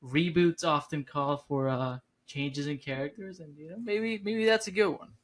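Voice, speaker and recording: A man co-hosting a podcast, relaxed and rambling, with many filler words. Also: a little high, normal speed. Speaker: podcast co-host. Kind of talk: casual podcast chat.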